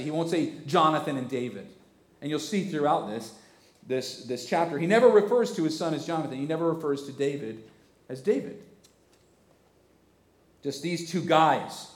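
A male pastor with a hoarse, cracking voice preaching a sermon, animated and conversational, with many rhetorical questions. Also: a little high, normal speed. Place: church. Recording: echoey church hall.

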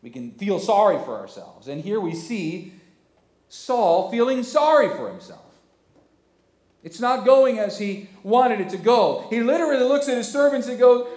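A male pastor with a hoarse, cracking voice preaching a sermon, animated and conversational, with many rhetorical questions. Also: sits high, moderate pace. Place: church. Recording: echoey church hall.

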